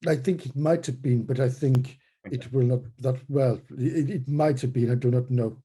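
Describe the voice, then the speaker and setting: Husky stammering tabletop player man. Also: medium pitch, steady tone, moderate pace, mellow. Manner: stammering, repeats words. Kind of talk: in-character tabletop play.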